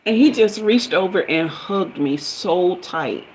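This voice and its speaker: A woman hosting a live stream, telling a personal story in a casual, chatty way, with many fillers, talking straight to her viewers and jumping up high when she gets excited. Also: slow, slight background noise, poor audio. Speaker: livestream host and spiritual reader.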